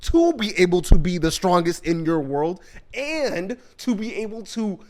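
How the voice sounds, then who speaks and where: A man recapping a TV show in casual commentary, talking in an animated, slangy way and often repeating himself. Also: high voice, measured pace.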